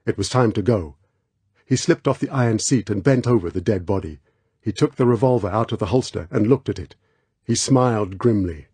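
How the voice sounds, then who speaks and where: A man reading an audiobook aloud as scripted narration in a measured, tense way. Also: lowish voice, dark tone, slightly rough, no room sound. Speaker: audiobook reader.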